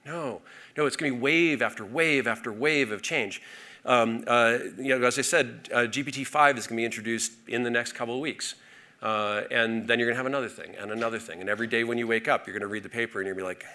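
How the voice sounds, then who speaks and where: A man giving a conference keynote from a stage, energetic and full of fillers and restarts. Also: mid-range voice, quick pace. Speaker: keynote speaker.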